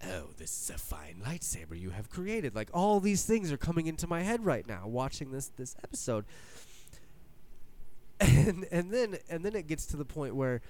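A man in casual podcast chat, talking excitedly, swearing and acting out his own reactions. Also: a little high, moderate pace.

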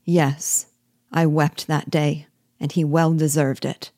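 A woman's voice: low voice, level tone, slow, a little mellow, no echo, studio quality. A woman voicing a loyal, sentimental old male army sergeant who speaks humbly and rambles. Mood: earnest, humble.

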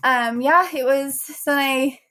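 A woman's voice: high voice, takes it slowly. Chatty young woman telling a funny story. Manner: animated, laughing often, acting out quotes. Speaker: podcast host telling her birth story. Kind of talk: casual storytelling chat. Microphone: podcast mic.

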